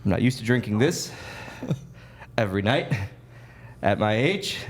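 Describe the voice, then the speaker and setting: A man's voice: fairly low pitch, animated, unhurried. A man from Wisconsin, a guest telling stories in a casual, self-deprecating way with lots of laughing. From Wisconsin, USA. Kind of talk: casual storytelling.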